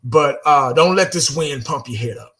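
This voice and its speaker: Exasperated, blunt fan rant. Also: male voice, on the high side, moderate pace, fairly bright tone. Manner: blunt, exasperated, repeats himself, laughs and curses. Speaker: fan vlogger. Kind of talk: casual sports fan rant.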